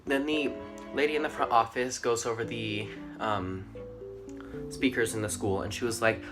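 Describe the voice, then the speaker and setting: A man's voice: medium pitch, moderate pace, music in the background. A teenage boy telling school stories to his channel in a rambling, casual way, full of "like" and "um". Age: teens. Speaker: vlogger. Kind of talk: casual storytelling to camera.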